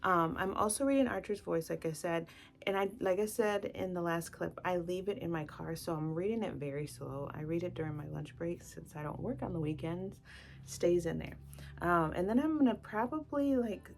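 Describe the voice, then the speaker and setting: A woman with a low, gravelly voice talks casually about books, gushing and scattering "like" through her sentences. A faint bed of music sits behind her. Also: a little mellow. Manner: gushing, with frequent "like" fillers. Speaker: book vlogger. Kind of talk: casual chatty book talk.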